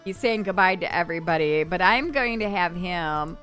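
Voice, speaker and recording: Bright, chatty woman gaming host. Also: lowish voice, expressive. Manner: chatty, voices her Sims' thoughts in quick asides. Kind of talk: casual gameplay commentary. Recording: faint background game music.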